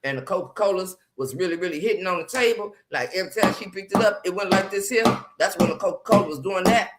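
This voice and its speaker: Over soft background music, a woman of medium pitch talks at a quick pace while hosting a casual live stream. She has a lilt and gossips sassily, drawling her words and firing off asides to her audience.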